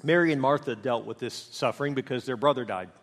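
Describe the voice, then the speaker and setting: A man preaching a sermon in an animated, storytelling way, recorded in a church sanctuary. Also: medium pitch, quick pace. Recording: long hall reverb.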